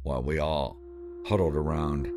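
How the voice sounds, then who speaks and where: A man narrating a first-person horror story, halting and breaking off mid-sentence. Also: extremely low pitch, steady tone, heavy background noise. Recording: background music under voice.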